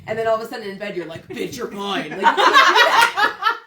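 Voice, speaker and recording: A woman's voice: on the high side, huge pitch swings, fast talker, far from the mic. A woman co-hosting a casual chat show, teasing and blunt, laughing while she talks. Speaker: podcast co-host. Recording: echoey room, off mic, crowd noise.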